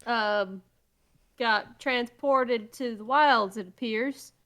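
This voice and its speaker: Slow talky woman player, giggles a lot, higher voice. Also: pushed and bright. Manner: slow, laughing often.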